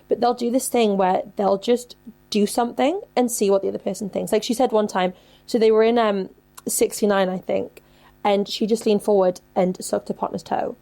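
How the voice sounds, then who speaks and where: A podcast host in her twenties gives advice in a casual, chatty way, swearing freely and saying "like" a lot. Her mid-range voice is warm, with vocal fry.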